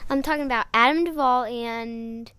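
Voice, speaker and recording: A woman co-hosting a casual sports chat, quiet and deadpan with brief answers. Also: a little high, normal speed, smooth, no room sound. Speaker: co-host.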